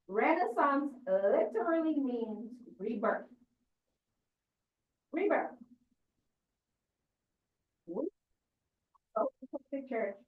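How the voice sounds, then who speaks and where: Woman church lecturer, higher voice, teaching style that keeps asking the room questions; dull, far-off echoey recording. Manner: questioning, checks in with listeners.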